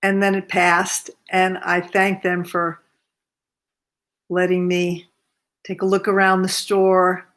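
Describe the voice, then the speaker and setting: Seated by the fireplace in her cozy home, a woman in her seventies who works as a massage therapist shares a personal story to camera. Her delivery is earnest and unhurried, in a monotone voice that sits on the low side and sounds a bit bright.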